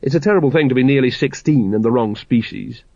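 A man reads a comic fantasy audiobook with wry, measured delivery. The sound is dry and close, slightly dull like a lo-fi recording. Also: medium pitch, mellow, dry recording. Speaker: narrator. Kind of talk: audiobook narration.

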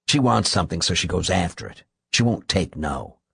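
Guy doing a low husky bitter man stuck in a hospital bed, dry close sound. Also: lively intonation, normal speed, a bit bright, no room sound, heavily acted. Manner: low, grim and seething. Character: bitter bedridden man, furious at his wife.

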